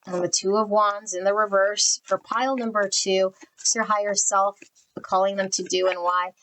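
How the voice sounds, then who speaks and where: A woman's voice: medium pitch, level tone, normal speed, a bit bright, poor audio. A woman giving a general pick-a-card tarot reading, talking bluntly in spiritual terms and naming cards as she draws them. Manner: blunt, spiritual, channels energy. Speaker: tarot reader.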